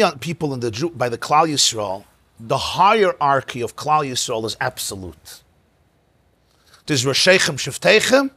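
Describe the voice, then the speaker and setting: A rabbi teaching a class on mystical texts in a synagogue, emphatic and animated, repeating words for stress and mixing in Hebrew and Yiddish terms. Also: male voice, medium pitch, breathy edge, no room sound.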